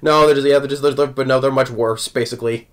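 A man's voice: mid-range voice, fairly even intonation, fast. A man recapping an anime episode in a casual, rambling way, chuckling often between thoughts. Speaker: anime reviewer.

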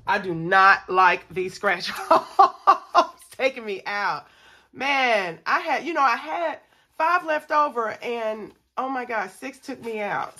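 Brief: young woman, bright and ringing voice, animated budgeting vlogger talking to "y'all". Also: mid-range voice, vocal fry, slightly rough. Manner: chatty, animated, talks to viewers as y'all, counts money aloud. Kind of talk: casual chat to viewers while scratching off savings.

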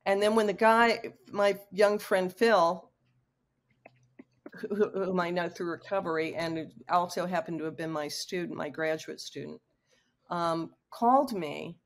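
Brief: woman, 60s, low-ish voice, candid and vivid storyteller speaking over a video call. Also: fairly even intonation, a little slow. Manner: emotional, frank, vivid storyteller. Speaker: guest author.

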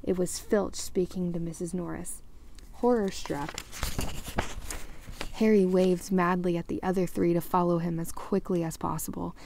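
A woman reading a children's novel aloud, switching into expressive character voices. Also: on the low side, normal speed, creaky, a little hiss or hum. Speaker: audiobook reader.

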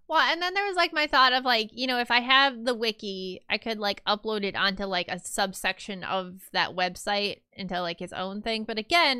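Young woman streamer, rambling casual chat, crisp clear voice, dry close sound. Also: medium pitch, pushed and bright, dry recording. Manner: chatty, rambling with many fillers.

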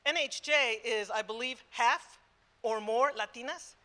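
A woman in her sixties speaks at a conference with a bright, forceful voice pitched a little high. She hammers her points through repetition and drops into Spanish phrases mid-sentence. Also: a little slow. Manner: emphatic, repetitive, switching between English and Spanish. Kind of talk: passionate live talk. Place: conference room before an audience.

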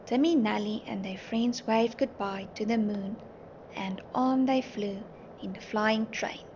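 A woman teacher reading a storybook aloud to toddlers, gentle and clear. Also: mid-range voice. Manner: gentle, slow, clearly sounding out words. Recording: muffled, faint hiss.

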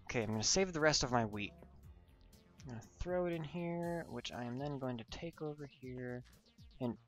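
A young man talking through his game in a loose, jokey ramble, drifting off topic and back again. His voice sits at an ordinary middle pitch, with soft music in the background. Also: normal speed. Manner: goofy, rambling and jokey, loses his train of thought. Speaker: gaming channel host. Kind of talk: gameplay commentary.

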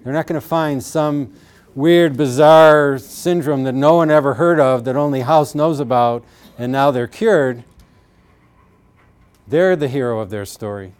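In a mid-range, slightly mellow voice, a middle-aged man who works as a pain therapist earnestly explains his approach to treating pain. Along the way he frequently re-enacts what patients told him, full of feeling.

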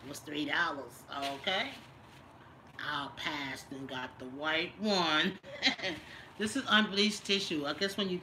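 A woman's voice: mid-range voice, bright, forceful tone, slight background noise, poor audio. A middle-aged woman live-streaming a casual vlog, chatting and teasing while she reads viewer comments aloud. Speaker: lifestyle vlogger doing a live stream.

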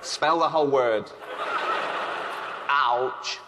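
English guy doing stand-up, chuckly and deadpan, lots of ums, noisy room behind. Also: mid-range voice, drawn-out words, in a large hall. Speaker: stand-up comedian. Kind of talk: stand-up routine. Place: stage at a live charity event. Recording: noisy live venue.

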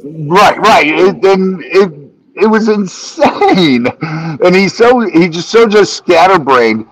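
A man guesting on a podcast, spinning animated stories and acting out what his friends said. His voice rises and falls freely at a slow, unhurried pace. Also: high voice, rough recording. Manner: animated storytelling, acting out friends' lines and laughing. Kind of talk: casual podcast chat.

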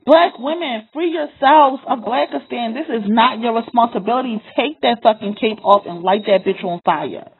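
A woman with a husky, breathy voice that sits high and carries a forceful, profane delivery. She speaks straight to the listener and hammers her points by repeating them. The sound is thin and tinny, like a phone line. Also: moderate pace, few pauses. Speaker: vlogger. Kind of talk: impassioned direct-to-camera monologue.

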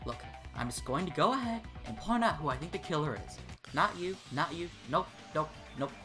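A woman plays a blunt young male student who sorts out a murder with deadpan logic. The voice sits low yet moves lively in pitch. Game music plays clearly behind. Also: fairly quick. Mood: exasperated.

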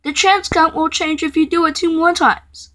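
A woman voicing a quick-tempered female computer error that scolds the user, threatening and stammering as she goes. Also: very high voice, fairly even intonation, fairly bright tone. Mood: angry scolding.

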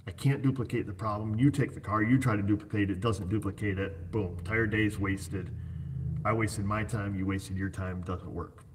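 Chatty, low-voiced mechanic man. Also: fairly even intonation, moderate pace, background noise. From United States. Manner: rambling, joking, uses hypothetical examples. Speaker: auto repair shop owner. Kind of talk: casual chat.

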